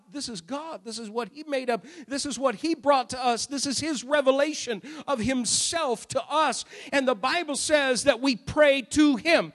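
A male pastor preaching a sermon in a church, talking conversationally with rhetorical questions and loud, emphatic bursts. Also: very high voice. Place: church sanctuary. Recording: long hall reverb.

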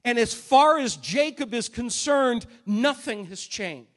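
A man preaching a sermon as a story, animated and swinging between loud and hushed. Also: very high voice, slow pace.

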